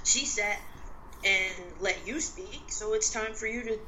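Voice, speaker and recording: A woman co-hosting a casual podcast discussion, speaking in a measured, reflective way with frequent "like" and "um". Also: medium pitch, bright, forceful tone, a little hiss or hum, low-quality recording. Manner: measured and reflective, with many "like" and "um" fillers.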